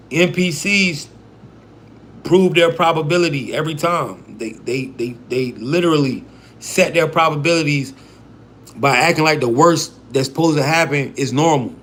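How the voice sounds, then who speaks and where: A man's voice: fairly high pitch, moderate pace, fairly bright tone, a little hiss or hum. A man giving a casual, profane livestream talk on a mindset program, often checking in with "right?" and "bro".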